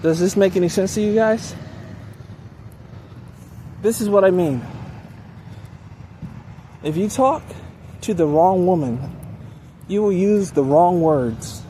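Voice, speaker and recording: A man delivering a preachy advice monologue to his viewers, often pausing to ask "okay?". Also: sits high, warm tone, a little hiss or hum. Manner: preachy, repeats "okay?" to check in. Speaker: dating advice channel host.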